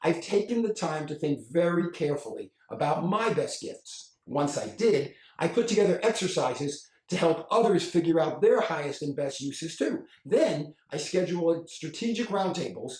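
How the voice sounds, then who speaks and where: A man giving a storytelling talk as a speaker and author, acting out the dialogue in an animated way. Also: on the high side, moderate pace, hardly any pauses. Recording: roomy echo, mic at a distance.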